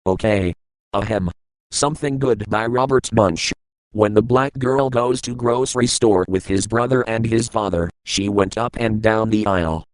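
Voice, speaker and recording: A man in a hotel room reading a children's picture book aloud, plain and halting, with small grammar slips. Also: lowish voice, no echo, rough recording.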